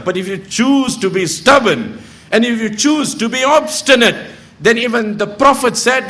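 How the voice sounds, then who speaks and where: A middle-aged male preacher with a noticeably high voice gives a sermon at a normal speed, his tone a bit bright. He tells stories, acts out the people in them, and occasionally recites verses in Arabic.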